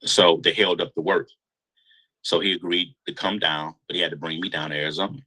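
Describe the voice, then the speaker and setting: A man telling a long story in a casual interview, animated and slangy. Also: deep voice, a little fast, husky, poor audio. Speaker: guest storyteller.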